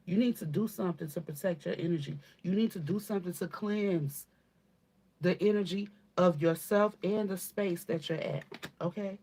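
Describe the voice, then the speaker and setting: A woman's voice: fairly low pitch, moderate pace, warm tone, breathy edge. A woman giving a channeled spiritual reading to her viewers, talking casually and bluntly, swearing, calling listeners baby and often asking "okay?". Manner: emphatic, repeats and asks "okay?". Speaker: spiritual reader.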